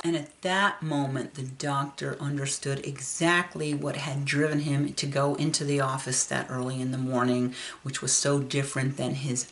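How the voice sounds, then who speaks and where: A woman with a low voice tells a story aloud. She speaks in a relaxed, conversational way, with lively expression in the retelling. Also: moderate pace. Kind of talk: storytelling narration.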